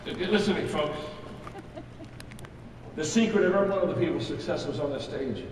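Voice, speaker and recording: A man's voice: on the high side, a bit bright, slight background noise. An older man giving a motivational keynote talk, folksy and anecdotal, playing to a large crowd. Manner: folksy storytelling, quotes imagined audience voices. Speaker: keynote speaker. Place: large event hall. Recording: echoey hall with crowd, from far off. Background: live audience laughter.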